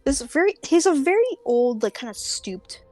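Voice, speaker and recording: A woman's voice: high voice, big pitch swings, normal speed, mellow, no echo, soft background music. A woman narrating a tabletop game as game master, casual and full of filler words.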